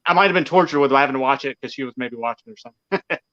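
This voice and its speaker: Fast, bright-voiced rambling man. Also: mid-range voice. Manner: rambling, hedging, laughs often. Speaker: podcast co-host. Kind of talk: casual live-stream chat. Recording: dull lo-fi sound.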